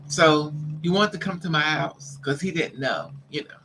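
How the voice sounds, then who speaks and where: A woman vlogger telling a story in a casual, animated way, repeating lines for emphasis and acting out what men said to her. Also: low-pitched, moderate pace, hardly any pauses, background noise. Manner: acts out the men's lines in quotes.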